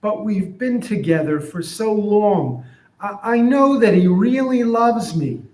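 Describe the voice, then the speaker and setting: A man voicing a meek male donkey who stammers and defends his owner, in a higher, softer voice than his own, in an echoey room. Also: lively intonation, slow. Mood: meek, defensive. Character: meek battered male donkey, loyal, making excuses. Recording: roomy echo.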